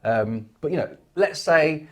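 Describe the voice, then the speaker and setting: A man's voice: fairly high pitch, lively intonation, measured pace, fairly bright tone. An English man co-hosting a casual property talk show, rambling and restarting as he tells stories. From England. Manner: rambling, repeats words and restarts, storytelling. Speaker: property investment podcast co-host. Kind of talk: casual chat.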